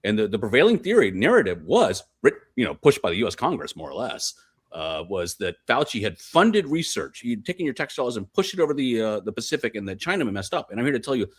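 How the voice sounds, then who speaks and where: A man's voice: medium pitch, big pitch swings, fast talker, breathy edge. A man speaking as a guest researcher on a podcast, explaining his case in an insistent, emphatic way. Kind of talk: fast podcast interview talk.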